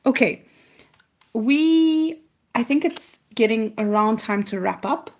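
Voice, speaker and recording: A woman in easy conversation during a paint-along stream. She is talkative and quick to poke fun at herself, and she moves loosely from topic to topic. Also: fairly high pitch, lively intonation. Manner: chatty, self-deprecating, jokey. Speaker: co-host of an art livestream. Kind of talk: casual chat while painting.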